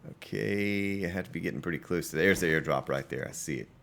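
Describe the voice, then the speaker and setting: A man's voice: low voice, fast talker, gravelly, fairly bright tone. A man commentating his own gameplay on a live stream, chatting along and greeting viewers by name. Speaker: game streamer.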